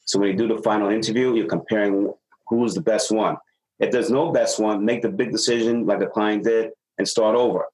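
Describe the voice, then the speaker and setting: This business consultant has a lowish voice and a brisk delivery, though the audio quality is poor. In a casual advice session, he's a lively storyteller who voices the dialogue himself.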